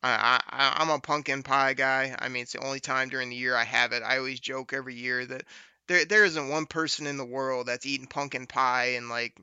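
Host, man, very bright smooth voice, dry close sound, upbeat. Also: mid-range voice, fairly even intonation, a little fast, dry recording, muffled recording. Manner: laughs easily, upbeat storyteller. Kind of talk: casual chat.

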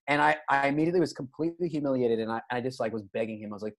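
A man's voice: medium pitch, very fast, hardly any pauses. A man telling a funny story in casual podcast chat, acting out the people in it. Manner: animated, acts out quoted voices.

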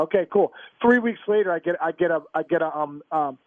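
Male guest, high voice, phone-line quality, eager stammering storyteller. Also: a little fast, few pauses, no room sound. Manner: animated, restarts and stammers, laughs through stories. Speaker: guest, former pro ballplayer. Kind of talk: casual storytelling interview. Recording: tinny phone-line sound, dry.

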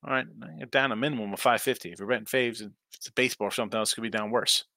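Male betting-picks host, tired and rambling, bright tone, dry close mic. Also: lowish voice, fairly even intonation, rapid-fire, no room sound. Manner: loose, rambling, reads chat aloud. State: tired, yawning. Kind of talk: casual live-stream chat.

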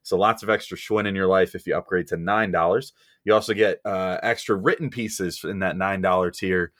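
A man's voice: low-pitched, fairly bright tone, dry recording, clean studio sound. A man hosting a casual podcast, rambling and joking, laughing easily as he moves between topics. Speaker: podcast host.

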